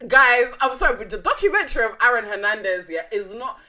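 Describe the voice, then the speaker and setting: A young woman co-hosting a casual true-crime chat, animated and laughing, acting out what others said. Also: a little high, fast talker, noisy background. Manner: animated, acts out quotes, laughs a lot. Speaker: podcast co-host.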